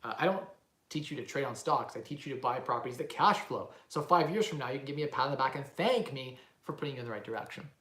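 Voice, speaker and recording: A man's voice: medium pitch, fast, echoey room. Rambling man on a live stream. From Canada. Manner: rambling, animated, lots of "like" and "right?". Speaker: real estate investing YouTuber.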